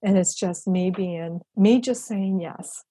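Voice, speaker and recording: Guest: middle-aged woman, mellow husky voice, dry close sound, emotional storyteller who restarts often. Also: mid-range voice, slow pace, dry recording. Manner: tearful storyteller, many restarts. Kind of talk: personal faith story.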